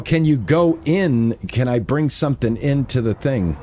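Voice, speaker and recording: A man's voice: medium pitch, expressive, measured pace, warm tone. An older man streaming a game, chatting casually and thinking aloud, often repeating himself. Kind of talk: casual gameplay commentary.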